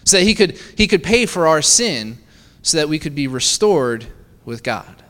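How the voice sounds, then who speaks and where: A man's voice: a little high, big pitch swings, normal speed, a bit bright, long reverb tail. A man preaching a sermon in a conversational way, often asking the listeners questions. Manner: conversational, asks the congregation rhetorical questions with frequent "right?".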